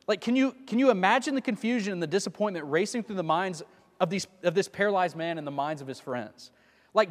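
A man's voice: sits high, brisk. Guy preaching, chatty, keeps asking the crowd questions, big hall echo. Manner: conversational, asks listeners rhetorical questions. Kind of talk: sermon. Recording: long reverb of a large hall.

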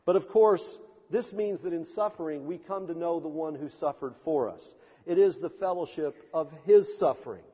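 A male pastor preaches a sermon with impassioned, emphatic delivery and dramatic swells, his voice echoing with long reverb in a church sanctuary. He speaks at normal speed in a fairly high-pitched, dark, slightly rough voice.

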